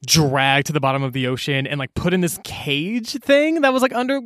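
Man, slightly high voice, dry close sound, slangy, lots of "like" fillers, casual story recap. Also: fairly quick, fairly bright tone, dry recording.

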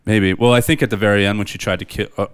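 A man with a very low, smooth voice chats casually as a podcast co-host. He rambles loosely and laughs often, and the sound is dry and close. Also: steady tone, fast, no room sound. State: drinking beer. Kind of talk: casual chat.

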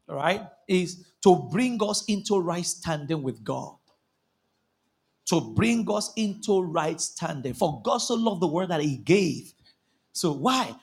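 A man preaching a sermon as a pastor, impassioned, bursting into shouts and calling for the congregation to answer back. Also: sits high, creaky, husky. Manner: impassioned, calls out for congregation responses. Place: church service.

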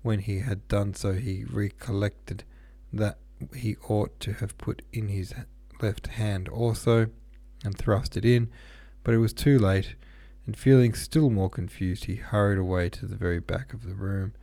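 A man's voice: on the low side, steady tone, unhurried, creaky, mellow, dry recording. A man reading a classic novel aloud, unpolished, with small slips and asides. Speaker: audiobook reader.

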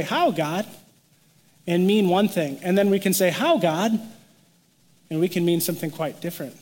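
A pastor with a high-sitting voice preaches a sermon, and a long reverb tail trails his words. He tells stories with animation and acts out the quoted lines.

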